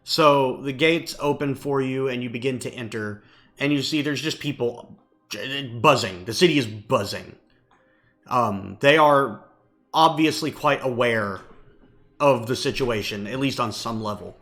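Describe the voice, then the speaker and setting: A man's voice: mid-range voice, measured pace, fairly bright tone, soft background music. A man narrating a tabletop game as game master in an easygoing, hesitant way.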